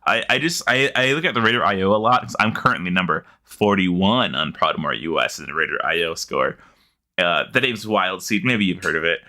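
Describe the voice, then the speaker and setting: A man co-hosting a casual gaming podcast from home, excitable, often gasping and laughing. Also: low-pitched, a little fast. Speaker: podcast co-host. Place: home, sitting beside co-host.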